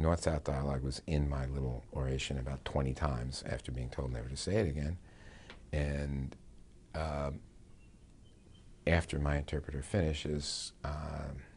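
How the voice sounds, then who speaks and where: An older American former diplomat recounts a negotiation story in a dry, wry way, with frequent pauses and filler sounds. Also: male voice, extremely low pitch, a little mellow, breathy edge. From United States. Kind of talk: recounting a personal anecdote.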